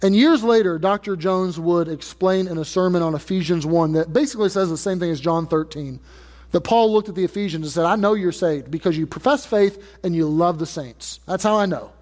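High-voiced preaching man in a reverberant hall. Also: fairly quick, darkish tone. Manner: earnest preaching, rising emphatic repetition. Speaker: pastor. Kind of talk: sermon. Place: church sanctuary.

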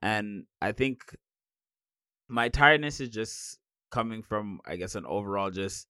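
A man's voice: lowish voice, a little slow, pushed and bright, smooth, no echo, studio quality. A young man co-hosting a podcast in casual chat, tired, rambling with many restarts. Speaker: podcast co-host.

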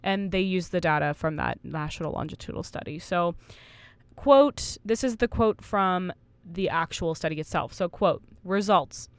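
A woman's voice: fairly low pitch, moderate pace, clean tone, no echo. A woman in her twenties co-hosting a casual podcast, reading study findings aloud and laughing at her own slips. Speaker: podcast co-host.

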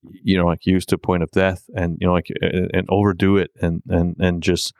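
This middle-aged man talks in a very low, smooth, resonant voice, stopping and restarting constantly and padding nearly every thought with filler words. The sound is dry and close, with no room around it. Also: flat delivery, a little mellow, dry recording. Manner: halting, heavy filler words. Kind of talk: candid conversation.

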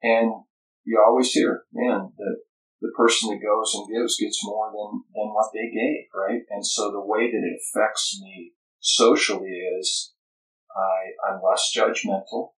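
An earnest pastor with a lowish voice talks reflectively as a podcast guest. He stops and restarts his sentences often. He sounds set back from the mic in a roomy, echoing space. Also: flat delivery, fairly bright tone. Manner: earnest, halting, many restarts. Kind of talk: reflective conversation. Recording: echoey room, distant from the mic.

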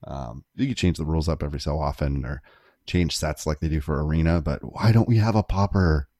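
Podcast co-host, man, extremely deep voice, relaxed and hesitant, dry mic. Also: brisk, no room sound. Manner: relaxed, hesitant with ums and uhs. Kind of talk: casual card-game podcast chat.

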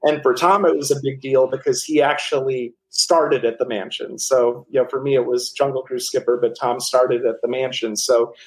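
A man telling animated stories as the author and guest in a casual interview, with many restarts. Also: mid-range voice, moderate pace, few pauses, low-quality recording.

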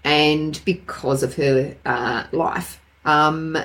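A woman's voice: deep voice, very slow. A middle-aged Australian woman co-hosting a casual podcast chat, telling candid stories and acting out the dialogue in them. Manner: candid storytelling with animated quoted dialogue. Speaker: podcast co-host.

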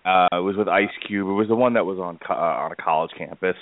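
A man with a low voice hosts a relaxed film chat, stopping and starting with plenty of fillers. His voice comes over a thin, phone-like line. The sound is dry, with no room around it. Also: dry recording. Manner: halting, lots of fillers. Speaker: podcast host. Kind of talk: casual film discussion.

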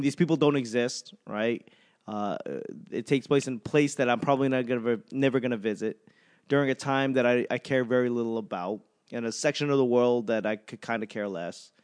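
A man's voice: mid-range voice, clear, resonant tone. Rambling, profane man chatting solo. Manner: rambling, profane, self-mocking. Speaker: podcast host. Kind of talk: casual solo monologue.

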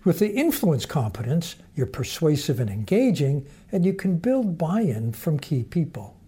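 A man giving a measured, explanatory lecture that mixes teaching with storytelling. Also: fairly high pitch, very animated, warm tone, husky.

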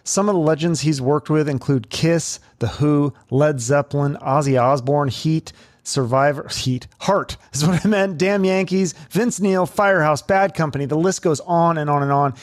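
A man hosting an interview, introducing his guest and asking questions in a brisk, conversational way. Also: fairly high pitch, no room sound, studio quality. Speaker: podcast host. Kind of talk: casual interview.

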